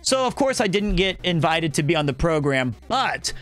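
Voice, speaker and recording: Telling a livestream story at a moderate pace, the streamer has a high, bright, forceful voice and keeps up his animation throughout. He's casual and profane, acting out whoever he quotes, while faint music sits behind.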